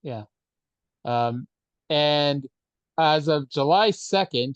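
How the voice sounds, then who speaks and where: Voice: medium pitch, expressive, measured pace, dry recording. A podcast co-host in casual chat, speaking dryly and hesitantly with many fillers. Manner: dry, hesitant, lots of fillers.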